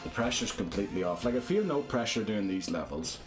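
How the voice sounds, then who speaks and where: A man's voice: fairly low pitch, animated, a little fast. A man giving casual, self-deprecating commentary to viewers while playing a motion-control game live. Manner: chatty, self-deprecating, thinking aloud to viewers. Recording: game music playing behind the voice. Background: game music.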